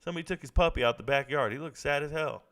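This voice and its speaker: A man's voice: fairly high pitch, rapid-fire, a bit bright. A young man hosting a live stream, joking loosely with chat while reacting to a fight. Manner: joking, loose and chatty, talking to viewers in chat. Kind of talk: casual live reaction commentary.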